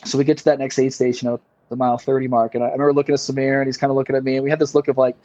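A man's voice: medium pitch, flat delivery, very fast, darkish tone, no echo. Man, podcast guest, rambling storyteller, dry close sound, slightly muffled audio. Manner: rambling, repeats words, many fillers. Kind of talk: casual storytelling.

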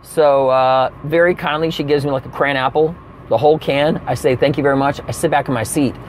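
A young adult man telling a comedic story, animated and profane, with sudden exaggerated outbursts. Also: medium pitch, brisk, slight background noise.

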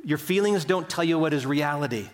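An older man delivers a sermon in a warm, conversational storytelling way, his voice sitting a little high for a man. He acts out quotes with sudden jumps up or down in pitch. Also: lively intonation, brisk. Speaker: pastor.

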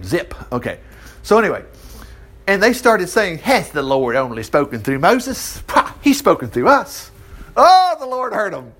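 A man teaching from the Bible in a loose, conversational way, his voice sitting a little high and swinging widely from low mutters to excited peaks. He reads a verse, then stops to quiz his listeners and joke around before carrying on. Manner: animated, chatty, asides and rhetorical questions. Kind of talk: informal Bible study teaching.

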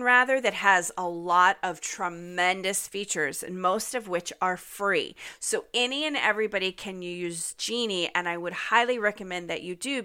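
Brief: upbeat woman podcast host, slightly nasal and getting over an illness, bright and clear. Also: medium pitch. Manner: chatty and upbeat, frequent ums. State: recovering from illness, occasional cough. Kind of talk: casual podcast monologue.

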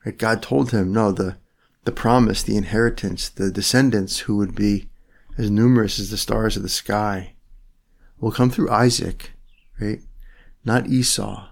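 A man giving a meditative sermon, speaking slowly in short phrases and turning to address God directly in prayer. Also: on the low side, vocal fry. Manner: slow, phrase-by-phrase delivery with pauses.

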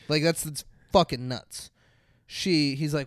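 A man's voice: on the high side, a little slow, no room sound, clean studio sound. A man co-hosting a podcast, casually recapping a movie and acting out the characters' lines with plenty of profanity. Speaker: podcast co-host.

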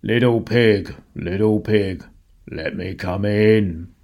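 A man voicing a hungry, menacing big bad wolf in a children's story, with drawn-out growling threats. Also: fairly low pitch, creaky, a little mellow.

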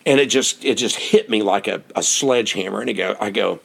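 An American man telling a personal story for his podcast, animated and laughing often as he repeats himself. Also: lowish voice, brisk, creaky, husky.

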